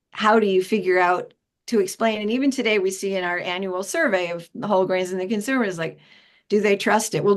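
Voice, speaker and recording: Older woman, interview guest, animated storyteller, mimics people she quotes. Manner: lively storytelling, acts out quoted voices with pitch jumps. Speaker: interview guest, retired founding director. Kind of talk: conversational interview.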